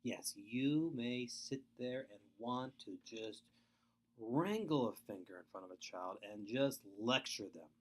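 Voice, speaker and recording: Middle-aged male webinar presenter, earnest and emphatic, very lively pitch. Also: unhurried. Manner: earnest, emphatic, repeats points. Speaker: foster care speaker. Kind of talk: webinar lecture.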